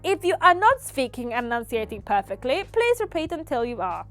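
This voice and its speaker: A hammy speech coach delivers a mock lesson loudly and emphatically, as a woman puts on an accent. Her voice sits high and swoops widely, with faint music behind. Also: big pitch swings, brisk. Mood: mock-earnest. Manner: loud, emphatic mock-instructional reading.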